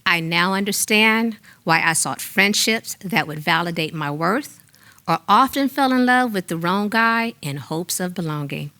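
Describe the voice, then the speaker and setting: Older lady reading her memoir live, bright forward voice, steady and heartfelt. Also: on the low side, a little slow. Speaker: writer reading her own story. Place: small studio theater stage.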